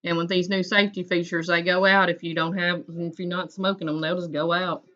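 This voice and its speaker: A woman's voice: on the low side, little pitch movement, a little fast, a bit bright, muffled recording. A woman, hosting a casual livestream chat and greeting viewers by name in a folksy way. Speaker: livestream host.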